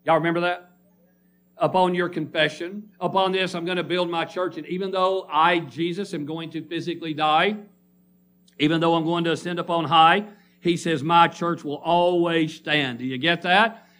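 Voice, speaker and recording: A man's voice: on the high side, fairly even intonation, normal speed, a bit bright. A man preaching a sermon to a congregation, reading scripture and calling for responses. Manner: emphatic call-and-response preaching. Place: church congregation.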